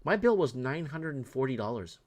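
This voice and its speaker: A Canadian man in casual chat, telling a story in an animated, exasperated way with stammering restarts. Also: mid-range voice, fairly quick.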